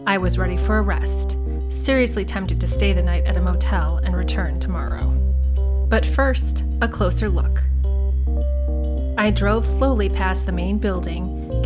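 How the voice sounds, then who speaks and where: Woman narrating a story, faint music. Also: mid-range voice. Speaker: audiobook narrator. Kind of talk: scripted first-person narration.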